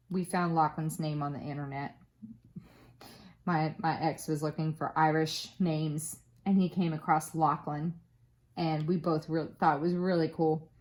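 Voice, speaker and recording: Chatty woman with a low-ish voice. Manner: rambling storyteller with many fillers. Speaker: crafting vlogger. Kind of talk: casual chat.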